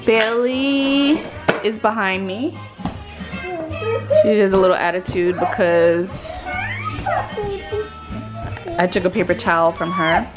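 A woman's voice: mid-range voice, slow pace, pauses often, roomy sound, over loud music. A young woman vlogging at home, chatting to camera and coaxing her toddlers in a sing-song baby-talk voice. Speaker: vlogger and mother of triplets. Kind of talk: casual home vlog, talking to camera and toddlers. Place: home kitchen indoors.

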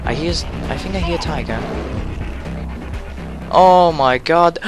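A man doing let's play commentary who gets excitable, exclaims and yells at the game. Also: fairly high pitch, moderate pace, long pauses. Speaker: gamer. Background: game music and car sounds.

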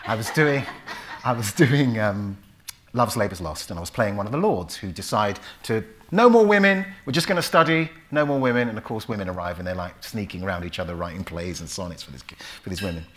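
A British actor giving an anecdotal talk to an audience, animated, acting out voices and reciting verse as he tells stories. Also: low voice, brisk. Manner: animated storyteller who acts out voices and recites Shakespeare. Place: lecture hall before a live audience.

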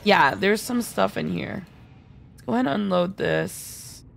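A woman's voice: mid-range voice, lively intonation, measured pace, vocal fry, a little hiss or hum. A woman streaming a game live, chatty and giggly, thinking aloud and answering viewer chat. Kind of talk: live gameplay commentary.

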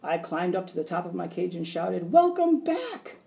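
Teacher guy reading a kids book out loud, expressive, gravelly voice. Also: high voice, brisk. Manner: expressive read-aloud narration. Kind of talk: reading a children's book aloud.

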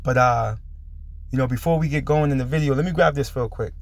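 In a mid-range voice and at a fairly quick pace, a man hosts a commentary on a preaching video. He's a little under the weather, talks with emphasis, and ends his lines with "man."

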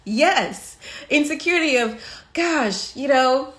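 A woman's voice: sits high, slow, a bit bright. A woman hosting a casual live stream, talking emphatically, repeating points for stress and laughing between them. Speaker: podcast host.

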